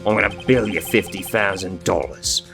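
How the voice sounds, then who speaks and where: A gruff, bellowing loan-shark thug from a video game, put on by a man. He barks in an exaggerated Brooklyn drawl, the voice gravelly and low underneath. Tough-guy slang runs through every line. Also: lively intonation, normal speed, over music. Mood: threatening. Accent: put-on Brooklyn gangster. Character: brash loud male loan-shark gangster.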